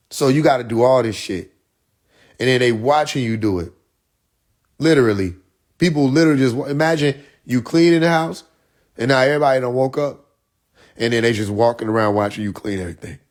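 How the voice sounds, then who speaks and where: A man ranting in a casual live-stream monologue, blunt and full of profanity, acting out the people he quotes as he tells a long analogy. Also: medium pitch. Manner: animated storyteller who acts out the people he quotes; heavy profanity, blunt and exasperated. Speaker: livestreamer.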